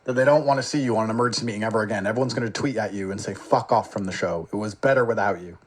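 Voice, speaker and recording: A man being interviewed, telling a mocking story in a theatrical way. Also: very fast. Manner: mocking, theatrical, swings in pitch. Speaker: interview guest. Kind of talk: animated storytelling.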